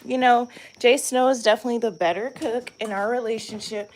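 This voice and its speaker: A woman's voice: a little high, steady tone, moderate pace, slight background noise. A woman live-streaming a casual vlog from her off-grid cabin and homestead, chatting to viewers and calling them y'all as she moves around. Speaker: vlogger, homestead channel co-host.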